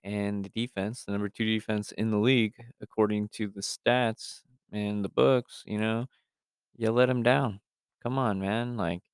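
Low-voiced man ranting about football. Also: clear, resonant tone, no echo, clean studio sound. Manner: emphatic, riled-up ranting with fillers. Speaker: podcast co-host. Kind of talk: casual sports chat.

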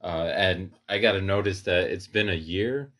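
A young man co-hosting a podcast, easygoing and quick to laugh. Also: low voice, fairly bright tone. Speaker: podcast co-host. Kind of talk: casual chat.

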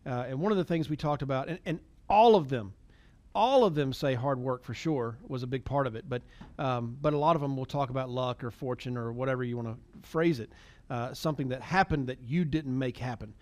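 A man's voice: medium pitch, brisk, darkish tone. A man leading a team call, encouraging and motivational, with many fillers and repeated words.

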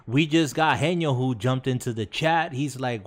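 A man's voice: medium pitch, moderate pace. A man hosting a casual gaming podcast live stream, reading chat comments aloud in a laid-back way. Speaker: podcast host.

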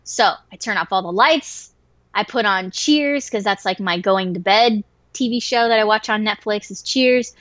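A woman telling a wild story in casual chat, swearing freely and getting animated and excitable. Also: medium pitch, normal speed, no room sound. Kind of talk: casual story told to a listener. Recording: dry, slightly dull lo-fi recording.

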